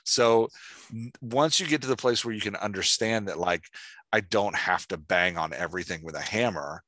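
A man hosting a writing podcast, chatting in an animated way and filling his talk with "like" and "right?". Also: lowish voice, moderate pace, dry recording. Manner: animated, lots of "like" and "right?", reads examples aloud. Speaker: podcast host, writing coach. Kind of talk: casual explanatory chat.

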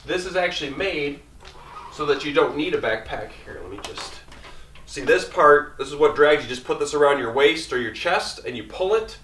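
A man talking quickly and casually through his camping gear, rambling as he goes. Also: fairly high pitch, animated, a bit bright, distant mic, a little hiss or hum. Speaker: outdoor vlogger. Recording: echoey room, mic set back.

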